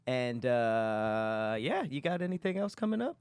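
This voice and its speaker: A man hosts a casual comedy podcast, trading jokes and laughing easily. His voice sits at a middle pitch. The sound is dry and close to the mic. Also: big pitch swings, a little slow, a little mellow, smooth, no echo. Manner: laid-back, joking, laughs often. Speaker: podcast host.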